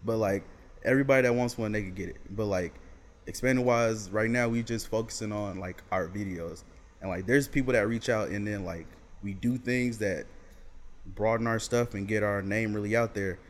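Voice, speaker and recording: A man's voice: on the low side, moderate pace. A young man, a college student, chatting on a podcast about making videos, telling stories loosely with many "like"s and acting out his friends. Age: young adult. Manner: laid-back storytelling with lots of "like", acts out his friends. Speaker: guest, sketch video creator. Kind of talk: casual podcast chat.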